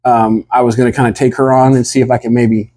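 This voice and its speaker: A man telling a rambling comic story in a deadpan, drawling way and acting out what the others said. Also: medium pitch, fast. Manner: drawling, rambling, acts out the other people's lines.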